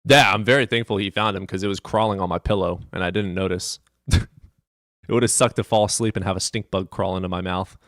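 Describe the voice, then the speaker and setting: Male stream host at a home desk: loose, profane storyteller, low pitch, dry desk mic. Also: fairly even intonation, fast, fairly bright tone, no echo. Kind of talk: casual live-stream chat.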